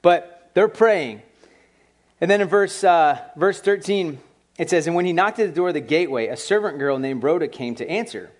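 A man with a fairly high voice giving a relaxed, lively sermon. He talks casually with lots of filler words and often turns to the congregation with questions. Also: normal speed. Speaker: pastor. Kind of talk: conversational sermon.

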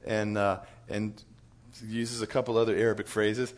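Animated man telling a church story. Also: fairly low pitch, normal speed. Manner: animated storyteller, chuckles through his story. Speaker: church staff speaker. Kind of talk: storytelling talk to church leaders.

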